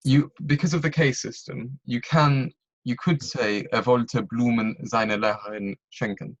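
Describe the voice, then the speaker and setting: A man's voice: mid-range voice, fairly even intonation, a little slow, no room sound, highs cut off. A man tutoring German on a video call, explaining step by step and checking that his students follow. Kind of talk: online tutoring lesson.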